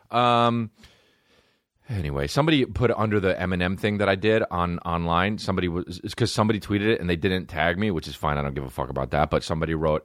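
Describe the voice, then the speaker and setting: A podcast host delivers a casual, profane comedic rant full of rambling asides and mock rap lines. His voice is low with a fairly bright tone, recorded cleanly in a studio with no echo.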